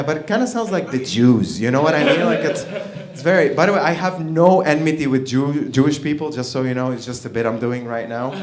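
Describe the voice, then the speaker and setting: Guy doing stand-up in a club, slightly high voice, cussing a lot, playing both sides of the convo, echoey room. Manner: profane, acts out both sides of dialogue. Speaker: stand-up comedian. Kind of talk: stand-up set. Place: comedy club stage. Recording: roomy live club sound.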